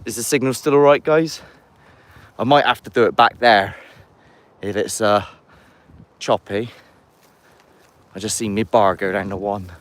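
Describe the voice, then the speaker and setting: A man with a lowish voice streams a live walking vlog on a handheld phone out in the woods. He talks a little slowly with long pauses, in a chatty, rambling way full of jokey asides. He's a paranormal investigator and live streamer.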